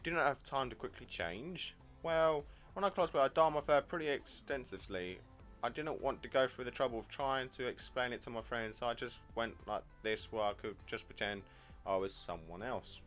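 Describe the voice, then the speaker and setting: A man's voice: mid-range voice, moderate pace, a bit bright, soft background music, natural voice. A man reading as a shy nerdy young woman.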